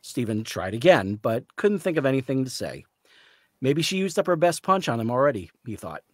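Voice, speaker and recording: A man reading the narration of a novel aloud in a measured storytelling way. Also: medium pitch, big pitch swings, no room sound. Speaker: author reading.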